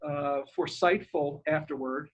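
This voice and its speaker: An older man from Ireland speaks as an interview guest in a rambling, hesitant way, stopping now and then to spell out a name. His voice sits a little high for a man and has a husky edge. The sound is dull and lo-fi, like an ordinary video call. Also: fairly even intonation, a little slow. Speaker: guest, retired government lawyer.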